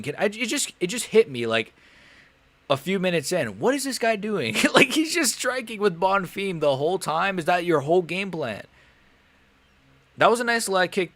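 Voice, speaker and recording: A man's voice: sits high, no room sound. A young man casually commentating a live fight on a stream, swearing and getting worked up, often grumbling under his breath. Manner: casual, swearing, animated and frustrated. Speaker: MMA streamer.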